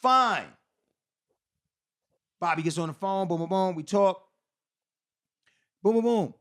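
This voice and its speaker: A man's voice: sits high, slow, no echo, studio quality. A middle-aged man telling a long story in a casual chat, acting out the voices of the people in it and laughing often. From New York. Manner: animated, acts out quoted voices, laughs often. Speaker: guest storyteller.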